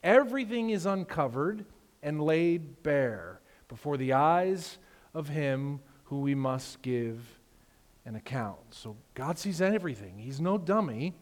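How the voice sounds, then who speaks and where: Male pastor, slightly high voice, lively storyteller, long hall reverb. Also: slow pace. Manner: animated storytelling, acts out characters. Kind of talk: sermon.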